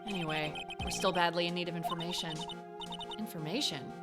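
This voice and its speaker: A woman voicing an earnest young male defense lawyer, reading his game dialogue in a lowered, quick, matter-of-fact way. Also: fairly even intonation, loud music behind the voice, lightly acted.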